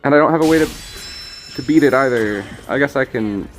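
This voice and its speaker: A man's voice: medium pitch, a little fast. Rambling, jokey male streamer. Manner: rambling, jokey, self-deprecating. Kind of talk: casual gameplay commentary.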